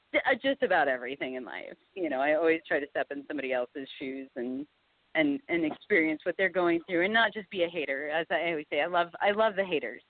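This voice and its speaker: A woman guest on a radio show musing aloud about people, with hedges and frequent laughter. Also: lowish voice. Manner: musing, hedging, laughs often. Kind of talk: casual radio chat. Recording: dry phone-like line.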